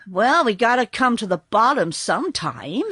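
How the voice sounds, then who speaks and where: A woman's voice: a little high, big pitch swings, normal speed, a bit bright, slightly rough, no echo, studio quality, full character voice. A woman voicing a nervous, stammering young farm boy in a storybook reading.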